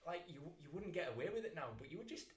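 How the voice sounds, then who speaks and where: A man's voice: on the high side, very fast. A middle-aged man, a tattoo artist co-hosting a casual podcast, telling stories animatedly with frequent laughs and restarts. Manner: animated storyteller, laughs often, many restarts. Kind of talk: casual chat, storytelling. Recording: roomy echo.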